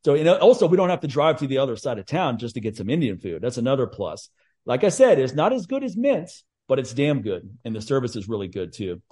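A man hosting a casual chat, telling stories in a blunt, profane, animated way. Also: medium pitch, fast talker, slightly rough. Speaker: podcast host.

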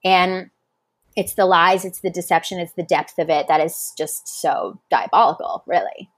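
Animated woman guest telling stories. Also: on the low side, moderate pace, dry recording. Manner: animated storytelling, acting out quotes, swears freely. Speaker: podcast guest, reality show contestant. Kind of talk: casual chat.

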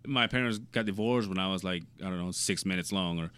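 A man in his late thirties chatting casually, telling stories in an animated way and swearing freely. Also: low-pitched, fast talker, clear, resonant tone. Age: 30s. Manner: animated storyteller, swears freely, laughs at himself. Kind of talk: casual chat.

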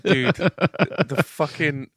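A young man, chatting casually as a podcast co-host, jokey and quick to swear. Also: on the high side, a bit bright, husky, no room sound, studio quality. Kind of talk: casual chat.

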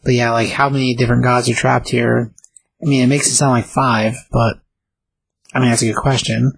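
Man, mid pitch, rough gravelly rasp, relaxed musing co-host. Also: fairly quick, low-quality recording. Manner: musing, unsure, thinking aloud. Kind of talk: casual chat about a comic.

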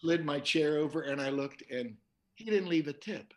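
A man's voice: on the high side, moderate pace, slight background noise. A man, a pastor, speaking as an interview guest, talking in a conversational preaching way and quoting scripture as he tells stories. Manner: animated storyteller, repeats words while quoting scripture.

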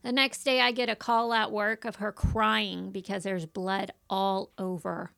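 Bright-voiced woman telling a story. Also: medium pitch, a little slow, gravelly, clear, resonant tone. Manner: animated, laughing, acts out quotes. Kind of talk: casual storytelling chat.

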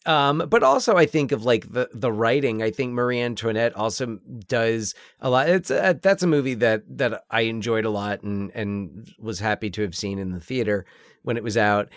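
A man talking films in a relaxed podcast chat, trailing into restarts and little fillers as he thinks out loud. His voice sits in a mid range, recorded close and dry with no room sound. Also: medium pitch, moderate pace, dry recording. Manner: hesitant, many restarts and fillers. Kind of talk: casual film discussion.

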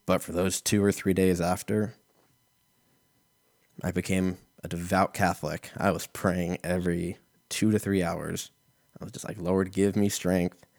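Here the thirtysomething podcast host sounds creaky, low, and a little mellow as he casually tells self-mocking, profane, meandering comic stories. The recording is dry and of studio quality.

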